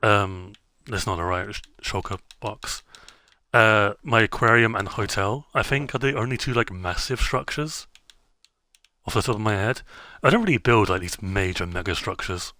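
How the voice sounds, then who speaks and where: A streamer man talks through his game in a loose, rambling way, circling back on himself with plenty of fillers. His voice sits on the low side but has a bright, forward edge. The sound is dry, with no room echo. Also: moderate pace. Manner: rambling, self-interrupting, many fillers. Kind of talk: casual gameplay chat.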